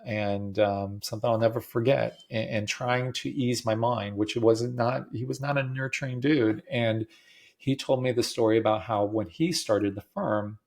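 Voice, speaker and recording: A man's voice: medium pitch, steady tone, normal speed, darkish tone. A middle-aged man hosting a podcast, telling a personal story in a rambling, casual way with many fillers and restarts. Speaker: podcast host.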